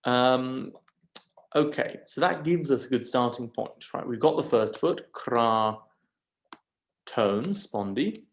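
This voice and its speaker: A man teaching a lesson, slowly and patiently talking through each syllable. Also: mid-range voice. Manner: slow, patient, stresses syllables one by one. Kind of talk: lecture on scanning Greek verse.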